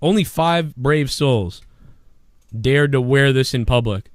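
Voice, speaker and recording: A man hosting a live-streamed talk show, ranting profanely and swinging between a low grumble and loud shouting. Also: takes it slowly, no echo, studio quality. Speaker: podcast host.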